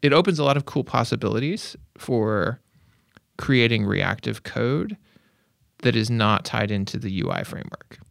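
Gravelly-voiced man in casual tech chat. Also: mid-range voice, lively intonation, normal speed, a bit bright, no echo, studio quality. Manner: thoughtful, hedging with "like". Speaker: podcast panelist.

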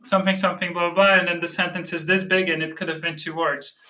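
A woman's voice: lowish voice, little pitch movement, fast, bright, forceful tone. A woman whose first language is Portuguese, a podcast guest speaking bluntly and with strong opinions. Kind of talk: casual chat.

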